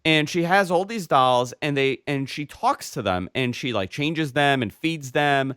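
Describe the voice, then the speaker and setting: A man co-hosting a casual tech podcast, telling stories in an animated way with emphatic asides. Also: a little high, unhurried, smooth, no echo, clean studio sound. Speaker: podcast co-host and video creator.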